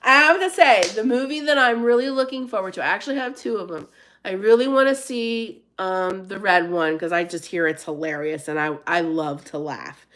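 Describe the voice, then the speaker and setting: A woman's voice: mid-range voice, moderate pace, fairly bright tone. A woman from Pennsylvania hosting a casual live chat, reading and answering viewer comments and laughing often. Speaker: live stream host.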